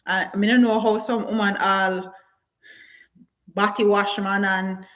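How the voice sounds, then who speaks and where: A woman talks straight to her live-stream viewers, blunt and animated. She slips into patois phrasing, laughs often, and reads out comments as they come in. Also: medium pitch, unhurried, rough recording. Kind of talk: casual live-stream chat.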